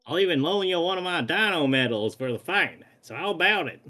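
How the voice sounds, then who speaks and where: A man's voice: on the high side, expressive, fairly quick, bright, forceful tone, a little hiss or hum. A man doing a folksy cowboy drawl. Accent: put-on American Western drawl. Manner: folksy, drawling, reading game dialogue aloud. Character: boastful cowboy fossil fighter man, folksy.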